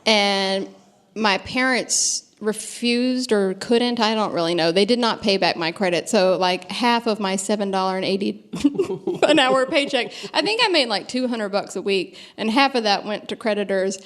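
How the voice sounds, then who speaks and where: A woman from the American South, in her thirties, tells stories as an interview guest. Her voice sits at a middle pitch. She is self-deprecating, laughs often, and stumbles into quick restarts. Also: a bit bright. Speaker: guest author. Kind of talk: storytelling interview on stage.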